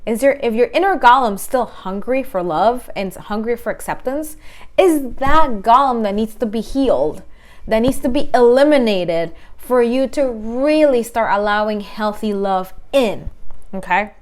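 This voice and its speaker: Woman, relationship coach, higher voice, blunt and emphatic advice. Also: animated, a little slow. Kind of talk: direct-to-camera advice talk.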